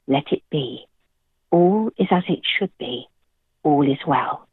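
A woman voicing a gentle, wise inner voice that speaks softly and reassuringly while she reads her poem. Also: low-pitched, expressive, slow pace, breathy edge, dry recording, narrow, tinny audio, heavily acted. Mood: soothing.

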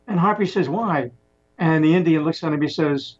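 A man with a fairly high, husky voice tells a long tale in loose, conversational fashion, stumbling and restarting as he goes. The recording is dull and lo-fi. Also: moderate pace. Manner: rambling, animated retelling with many restarts. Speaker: storyteller. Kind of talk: casual spoken storytelling. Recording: muffled lo-fi recording.

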